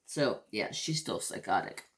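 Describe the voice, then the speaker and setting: A woman's voice: extremely low pitch, lively intonation, a little slow. A woman hosting a crafting channel, telling a story in a casual, swearing, ranting way and acting out the quotes.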